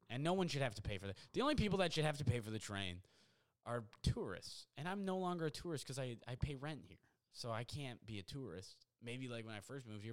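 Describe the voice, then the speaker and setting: A young man records a solo podcast at home and talks through a story in a loose, rambling way. His voice sounds smooth and resonant, and his pitch sits in the middle of the male range. He keeps piling on fillers and gets excited as he goes. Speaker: podcast host. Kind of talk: casual storytelling monologue. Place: apartment at home.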